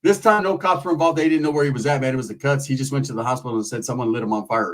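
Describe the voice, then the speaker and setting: A man's voice: mid-range voice, racing. A man telling profane stories in a laid-back, casual way. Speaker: storyteller. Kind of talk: casual storytelling.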